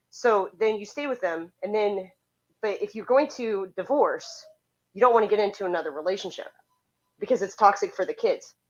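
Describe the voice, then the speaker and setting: A woman's voice: mid-range voice, dull audio. A woman co-hosting a podcast, rambling and stammering as she argues and asks questions. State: cold. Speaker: podcast co-host. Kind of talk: casual debate chat.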